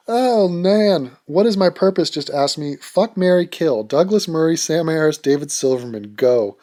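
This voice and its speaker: Man, vlog q&a host, blunt and crude, fairly high voice, mellow tone. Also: animated, moderate pace, hardly any pauses. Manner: blunt, profane and joking. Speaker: YouTube channel host answering viewer questions. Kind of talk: casual Q&A vlog monologue.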